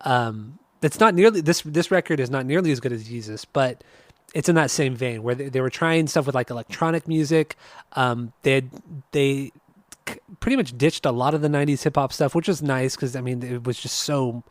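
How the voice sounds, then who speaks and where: An easygoing man co-hosting a podcast, laughing often and trailing into fillers as he talks. His mid-pitched voice is recorded dry and close. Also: a little fast, no echo. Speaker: podcast co-host. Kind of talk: casual chat.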